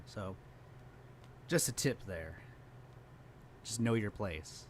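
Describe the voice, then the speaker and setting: A man's voice: on the low side, lively intonation, takes it slowly, slight background noise. A man co-hosting a reaction stream, sarcastic and crude, laughing often. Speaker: co-host. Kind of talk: casual reaction commentary.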